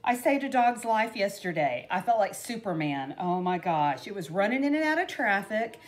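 This middle-aged woman rambles casually through a craft tutorial as a vlogger, laughing often and saying "you know" a lot. She speaks at a moderate pace in a mid-range voice that is very animated.

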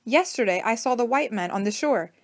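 A woman reading the part of a sorrowful captive man in a storybook, quiet and resigned. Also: fairly high pitch, expressive, fairly quick.

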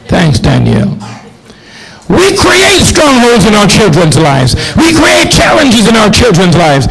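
Jamaican pastor, high raspy voice, preaches in repeated lines that climb to shouting. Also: male voice, wildly swooping pitch, a little slow, rough recording. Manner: preaching with repetition, rising to shouts. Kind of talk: sermon. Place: church hall with congregation.

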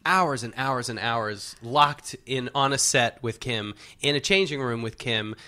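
A man guesting on a podcast, chatting casually with quick comic asides. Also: mid-range voice, pushed and bright. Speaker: guest, actor. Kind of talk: casual chat.

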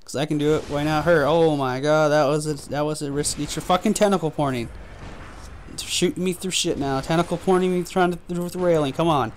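A man's voice: a little high, steady tone, brisk, a little hiss or hum. A man giving frustrated, profane trash-talking commentary while playing a game. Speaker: gaming video host. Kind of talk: gameplay commentary.

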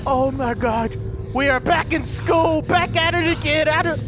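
A gaming video host in an extremely high-pitched, unhurried voice gives let's-play commentary on a horror game. He's jumpy, swearing and shrieking when startled, with horror game music behind him.

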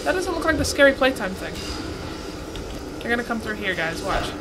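A woman's voice: fairly high pitch, very animated, a little fast. A young woman streaming a horror game, chatting with her viewers and reading their messages aloud. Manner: chatty, reads chat aloud, shrieks and swears when scared. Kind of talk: live-streamed gameplay commentary. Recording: noticeable background noise.

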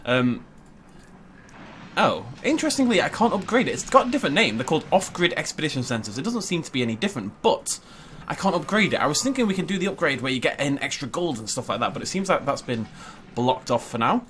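A man giving chatty, excitable gameplay commentary and thinking aloud as he plays. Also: a little high, fast, a little hiss or hum. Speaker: gaming YouTuber.

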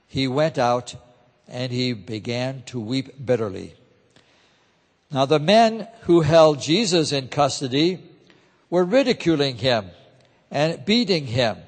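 A man narrating a scripture reading in a steady, solemn way, in a large church. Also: mid-range voice, a little slow. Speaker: reader. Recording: echoey church hall.

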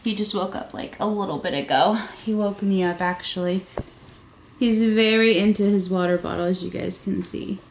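A tired young mother chatting casually in a home vlog, soft-spoken, with lots of fillers and little laughs. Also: medium pitch, normal speed. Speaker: family vlogger, mother. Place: bedroom at home. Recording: roomy room, faint noise.

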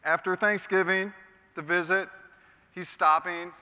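A middle-aged radio host tells a personal story from a stage, quiet and heavy at moments. His voice is fairly high and bright, with a long reverb from a large hall. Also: steady tone, measured pace, clean tone.

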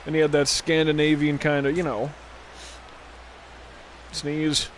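A man's voice: a little high, monotone, measured pace. A man rambles through a live game stream in a slightly raised voice, trading play calls for stray anecdotes. He swears freely and talks into a desk microphone at home. A faint hiss sits under his voice. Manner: rambling, profane, drifting off on tangents. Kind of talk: casual gameplay commentary.

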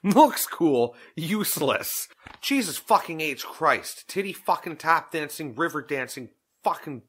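A man's voice: a little high, very animated, a little slow, fairly bright tone, breathy edge. A man narrating an audiobook, bantering casually between takes with crude jokes and frequent laughter. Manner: crude joking, laughing often.

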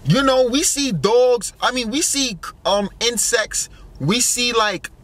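This young vlogger speaks slowly in an extremely high, fairly bright voice with lively intonation. Wondering aloud in a loose, rambling monologue, he leans heavily on fillers and profanity.

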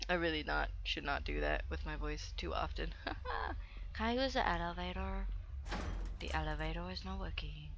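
A woman's voice: low voice, lively intonation, moderate pace, creaky, fairly bright tone, muffled recording. A young woman giving goofy, playful commentary while playing a video game, chatting to herself and the game. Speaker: let's play gamer. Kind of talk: casual gameplay commentary.

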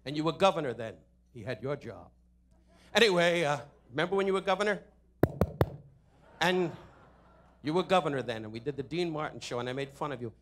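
A man works a hotel ballroom at a podium microphone, firing off insult jokes and mock-sincere asides. His voice sits on the higher side, and he keeps bridging bits with "anyway, uh." A faint ambient noise hangs behind him. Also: expressive, fairly quick, long pauses, fairly bright tone. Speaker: comedian roasting the guest of honor. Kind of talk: insult comedy roast. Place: hotel ballroom at a benefit dinner.

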